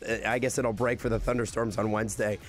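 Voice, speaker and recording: A man hosting a morning radio show, talking in casual, self-deprecating banter with a hoarse, raspy voice that is still recovering. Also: fairly low pitch, flat delivery, fast. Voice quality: raspy voice from losing it. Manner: chatty, self-deprecating, laughs easily.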